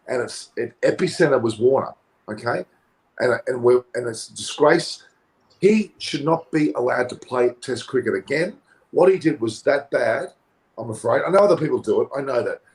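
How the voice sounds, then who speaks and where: An Australian cricket pundit on a post-match panel speaks forcefully and indignantly, repeating words when he gets heated. His pitch is medium and the recording is rough.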